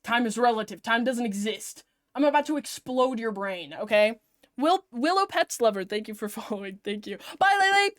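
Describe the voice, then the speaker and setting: A woman streamer chatting to her viewers as she reacts to a video, excitable and rambling. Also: a little high, moderate pace. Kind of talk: casual live-stream reaction.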